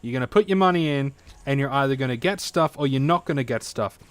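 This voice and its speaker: A man's voice: mid-range voice, expressive, fast, clear, resonant tone, no room sound. A man streaming a game, chatting casually to viewers, rambling with plenty of fillers and swearing freely. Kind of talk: casual livestream chat. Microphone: desk mic at home streaming setup.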